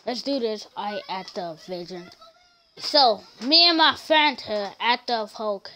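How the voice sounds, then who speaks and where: A goofy male superhero actor, put on by a woman, awkward and hesitant in a lowered voice. The delivery is slow and unhurried. The tone is bright. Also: animated. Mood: hyped.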